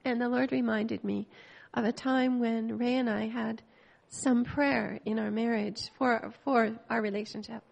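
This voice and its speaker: An older woman from Canada giving a heartfelt, emotional church testimony, pausing and restarting as she speaks. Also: fairly high pitch, steady tone, gravelly, muffled recording.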